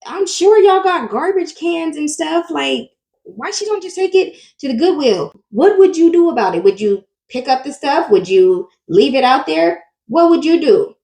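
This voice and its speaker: High-voiced woman commentator, echoey room. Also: moderate pace. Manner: animated, talks straight to viewers with questions. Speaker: commentary channel host. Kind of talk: casual reaction commentary.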